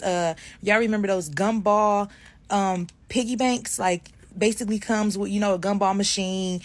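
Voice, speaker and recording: Chatty woman telling a spooky story. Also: medium pitch. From Detroit, USA. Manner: chatty, addresses viewers directly, acts out voices. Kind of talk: casual storytelling to followers.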